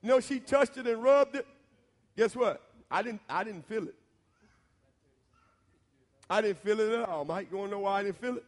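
A man with a Southern American accent who preaches a storytelling sermon. He talks straight to the listeners in a folksy way, and at times his voice builds into shouting. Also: sits high, normal speed, pauses often, big-room sound. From Southern United States.

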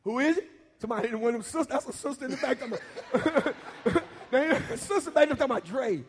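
A man preaching a sermon in a church, bantering with the congregation and building to loud preaching. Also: extremely high pitch, animated, fast. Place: church sanctuary. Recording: long reverb of a church hall.

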